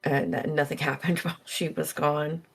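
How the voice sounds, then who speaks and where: Low-voiced woman, slow and thoughtful. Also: level tone, creaky, breathy edge, soft background music. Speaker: player. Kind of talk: role-play narration.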